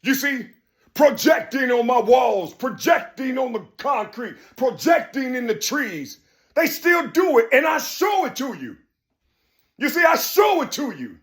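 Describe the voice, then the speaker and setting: A man in his fifties, alone at home, talking in an emphatic, preachy monologue that keeps breaking into shouts. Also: very high-pitched, very animated, measured pace. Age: 50s. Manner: emphatic, preachy, repeats "you see", bursts into shouting. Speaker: video blogger. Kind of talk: solo monologue rant.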